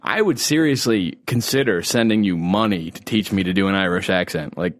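A man's voice: sits low, a little fast. A young man co-hosting a casual podcast, a bit drunk, rambling and swearing a lot. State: tipsy. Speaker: podcast co-host. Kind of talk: casual chat.

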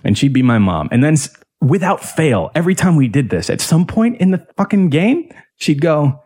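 Animated, foul-mouthed man telling a story. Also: on the high side, moderate pace. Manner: profane, heated, acts out quotes in other voices. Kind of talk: casual storytelling chat.

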